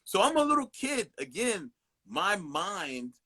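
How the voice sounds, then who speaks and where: A man in his forties talks as a podcast guest, with a bright, forceful voice that sits a bit high for a man. He tells loose, profane stories with lots of animation and impressions. It is easygoing, casual chat. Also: very animated, slow pace. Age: 40s.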